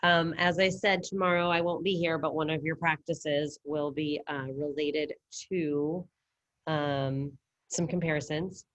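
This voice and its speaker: Woman, Spanish teacher on a video call, casual upbeat, lower voice, dry close sound. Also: flat delivery, a little slow, dry recording. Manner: casual, upbeat, quizzing students. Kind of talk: online class lesson. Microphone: computer mic on a video call.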